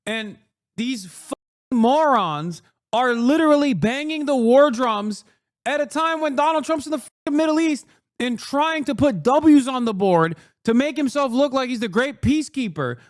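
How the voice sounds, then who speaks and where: Brief: male streamer, fiery profane rant, high voice, dry close sound. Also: no room sound. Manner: heated, profane ranting. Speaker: streamer host. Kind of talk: live-stream commentary.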